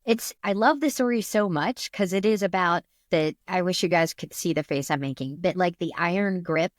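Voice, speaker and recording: A woman co-hosts a podcast in a playful, casual way, quoting films and dropping the odd swear word. Her voice sits a little low, and it sounds dry and close to the mic. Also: normal speed, no echo. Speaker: podcast co-host. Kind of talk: casual chat.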